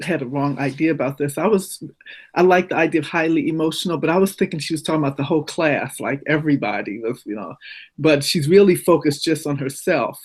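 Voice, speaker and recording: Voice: medium pitch, fairly quick, husky. A student in a class discussion, reflecting aloud on a mistaken idea.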